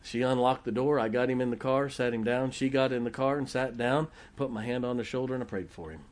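A man's voice: mid-range voice, a little fast. A man preaching a sermon as pastor, telling folksy stories and joking with his congregation.

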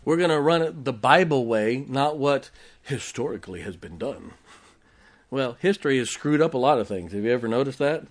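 A man's voice: mid-range voice, expressive, normal speed. A man preaching a sermon as pastor, emphatic, with rhetorical questions, joking asides and check-ins with the congregation.

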